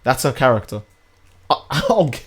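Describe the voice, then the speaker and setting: A man's voice: mid-range voice, expressive, brisk. A young man streaming a game, chatting casually in a rambling, crude, joking way. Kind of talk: casual livestream chat while gaming.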